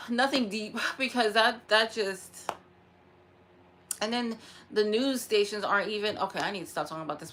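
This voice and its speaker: A woman's voice: mid-range voice, fairly bright tone. A woman talking to her vlog camera in a frustrated, upset rant, sighing and repeating herself, close to tears at times. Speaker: vlogger.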